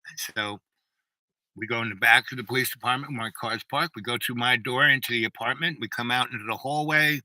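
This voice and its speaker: A man's voice: medium pitch, fairly even intonation, a little fast, sharp tone, dry recording, low-quality recording. An older man telling a long personal anecdote in a chatty, digressive way, full of restarts and asides. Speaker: storyteller.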